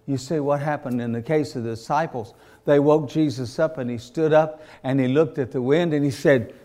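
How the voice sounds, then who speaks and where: A man's voice: fairly high pitch, normal speed, mellow. A man preaching a sermon, repeating phrases and building to emotional peaks.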